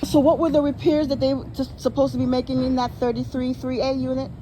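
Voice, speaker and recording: A woman's voice: high-pitched, flat delivery, fast talker, very noisy. Indignant woman filming outdoors on a phone. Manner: indignant, repeats herself. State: tired, walking with a cane. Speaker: public housing tenant. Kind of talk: casual vlog filmed on a phone. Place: outdoors around housing buildings. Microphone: handheld phone.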